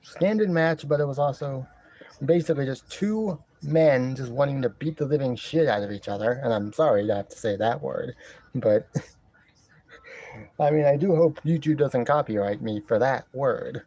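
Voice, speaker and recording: A man casually reviewing a wrestling show from his love seat at home, rambling and repeating himself while he clears a congested throat. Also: mid-range voice, moderate pace, dark tone, no room sound. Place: living room at home, seated on a love seat. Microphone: camera in front of him.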